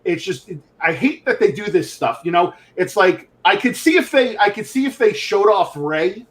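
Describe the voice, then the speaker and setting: A man's voice: sits high, animated, normal speed. A man co-hosting a live collectibles show in casual chat, opinionated and ranting, often repeating words as he starts a thought.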